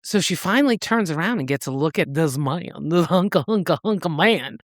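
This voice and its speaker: Animated, profane woman storyteller. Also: lowish voice, fairly quick, no echo, clean studio sound. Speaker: podcast co-host. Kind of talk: casual book-club chat, retelling a novel.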